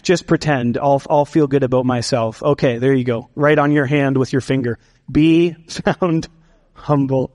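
A man preaching a sermon as pastor, building emphasis with dramatic pauses and adding playful asides to the congregation. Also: fairly high pitch, big-room sound.

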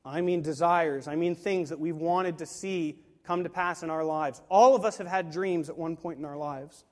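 A pastor delivers a sermon to a live congregation in a large room, his voice on the high side and his pace moderate. He preaches emphatically, asking rhetorical questions and acting out the voices of people he quotes. Long hall reverb fills the recording.

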